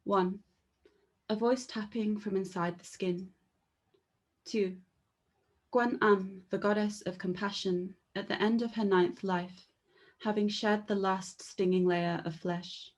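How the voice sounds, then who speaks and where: Soft-spoken woman reading poems from home. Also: medium pitch, steady tone, takes it slowly. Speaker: poet. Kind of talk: poetry reading with spoken introductions. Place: at home, indoors. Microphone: video call.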